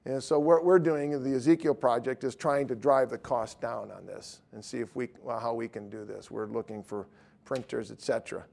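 A middle-aged man preaching, telling a lively story with acted-out voices and frequent laughter. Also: mid-range voice, normal speed, creaky. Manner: animated storyteller, acts out voices, laughs often. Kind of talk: storytelling sermon.

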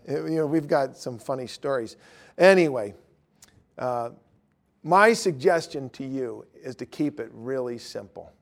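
A middle-aged man telling stories in casual talk, swinging from loud emphatic lines to low mumbled asides. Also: vocal fry, a little hiss or hum.

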